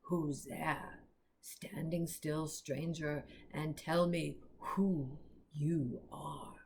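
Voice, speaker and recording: A woman's voice: low voice, fairly even intonation, drawn-out words, creaky, a little mellow, slight background noise, pitched below the performer's own voice, exaggerated voice. A woman voicing a huge, menacing male wolf with a growling voice in a storybook reading.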